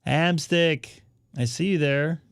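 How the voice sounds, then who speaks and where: A man hosting a casual live stream about amateur radio, chatting to viewers while he troubleshoots his setup out loud. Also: a little high, slow, dry recording, studio quality.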